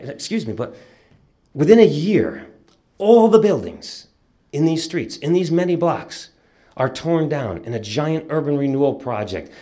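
A man in his sixties telling a personal childhood story vividly, swinging from loud bursts to hushed moments. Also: medium pitch.

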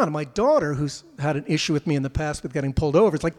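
A middle-aged father recounts a family road trip in a casual, animated way, popping into other people's voices as he goes. His voice sits a little high for a man. The sound carries a long, hall-like reverb. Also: quick pace, hardly any pauses. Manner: animated, acts out voices of kids and troopers. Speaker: father telling a family story. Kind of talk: casual personal storytelling.

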